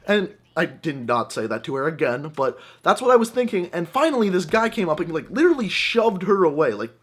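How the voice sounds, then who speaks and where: A young man hosting a gaming channel, telling an animated, jokey personal story over gameplay commentary. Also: fairly high pitch, fairly quick, husky.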